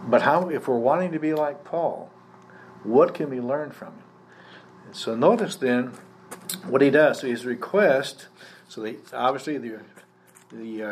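A male pastor preaching at a live church service, talking the congregation through a passage and asking them questions as he goes. His voice sits in an ordinary middle pitch. A faint hum of noise runs under the recording. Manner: conversational teaching, poses questions to the congregation. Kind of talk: sermon.

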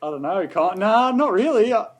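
A man's voice: high voice, expressive, moderate pace, a little hiss or hum. An Australian man, a motorcycle racer, speaking as a guest in easygoing, modest chat. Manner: easygoing, laid-back, modest. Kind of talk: casual interview chat.

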